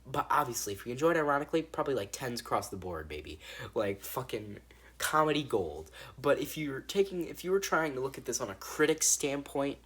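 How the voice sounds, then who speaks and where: A man's voice: medium pitch, big pitch swings, fairly quick, a bit bright, slightly rough. A man giving a casual, rambling movie review, swearing freely and restarting his sentences. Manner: rambling and profane, with frequent restarts.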